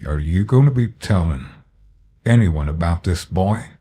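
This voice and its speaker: A man voicing a violent rural father who speaks slowly and calmly with a menacing edge. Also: deep voice, breathy edge, heavily acted. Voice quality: slow, calm, menacing.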